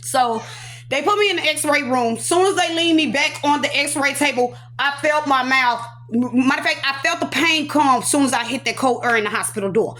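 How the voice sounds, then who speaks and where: A woman giving an animated, emotional personal testimony, acting out sound effects and repeating phrases for emphasis. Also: high-pitched, normal speed. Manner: animated, dramatic storyteller voicing sound effects and repetitions; casual, talks aside to her children. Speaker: survivor telling her own story.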